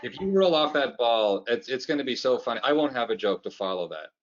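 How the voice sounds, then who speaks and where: A man's voice: medium pitch, expressive, fairly quick, lo-fi sound. A Canadian man with a Canadian accent, a comedian guest chatting playfully and rambling through jokes on a video call. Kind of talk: casual interview chat.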